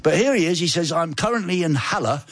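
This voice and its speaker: Man, radio host, husky, bouncy up-and-down voice, dry close sound. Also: on the high side, expressive, fast talker, a bit bright, no echo. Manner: playful, teasing, sing-song jokes. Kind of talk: casual live radio banter.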